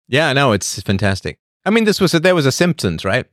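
Fairly quick and fairly bright, this male show host speaks at medium pitch with big pitch swings. He rambles casually, answers chat, and slips into acted voices and asides, all in clean studio sound without echo.

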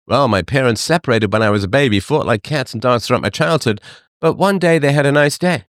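A middle-aged man hosting a livestream, talking to his chat in a sarcastic, animated monologue. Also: brisk, no echo, clean studio sound. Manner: animated, sarcastic, mimics others in higher voices. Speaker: livestream host. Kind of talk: casual monologue to live chat.

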